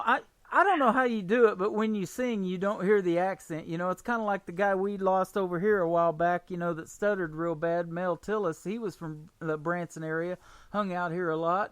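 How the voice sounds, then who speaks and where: A woman's voice: lowish voice, moderate pace, no room sound. Southern missouri lady doing a radio chat, dry close studio sound, talks easy and laughs a lot. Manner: chatty, warm, laughs easily, rambling restarts. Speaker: radio show host. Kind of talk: casual radio interview.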